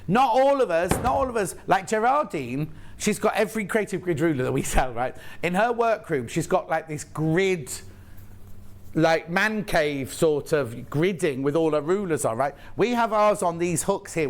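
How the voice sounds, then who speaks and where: A man presenting on a live TV shopping channel in a TV studio, chatting and rambling with jokey asides while he sells. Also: sits high. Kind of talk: live TV sales chat.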